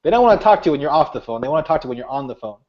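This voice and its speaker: A man's voice: fairly high pitch, rapid-fire. Earnest storytelling man, lo-fi audio. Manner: earnest, animated storytelling with many restarts. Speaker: author and speaker. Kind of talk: interview, storytelling. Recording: dull lo-fi audio.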